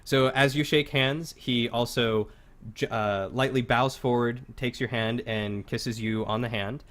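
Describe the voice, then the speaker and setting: A man narrating as game master in a tabletop game, describing scenes in a halting, loose way. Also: mid-range voice, fairly even intonation, fairly bright tone.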